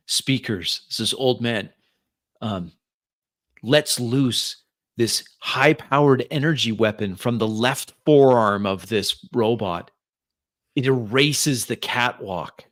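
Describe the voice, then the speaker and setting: Male GM, slow unhurried narration, bright voice. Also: mid-range voice. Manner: measured, descriptive, with uh fillers. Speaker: game master. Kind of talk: narrating a tabletop game.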